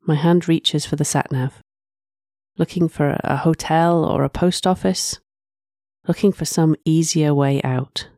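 A woman reads a first-person story aloud in a soft, reflective way, often sighing between lines. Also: low-pitched, fairly even intonation, slow, long pauses, dry recording, studio quality. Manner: soft, reflective, with frequent sighs. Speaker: narrator.

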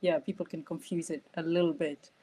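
A woman's voice: sits low, little pitch movement, a little fast, mellow. A French-born woman with a Scottish accent tinged with Irish, talking as a guest in a hesitant, restarting way with frequent laughter. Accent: Scottish with French and Irish traces. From France. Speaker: guest, nonviolent communication trainer. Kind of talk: casual conversation.

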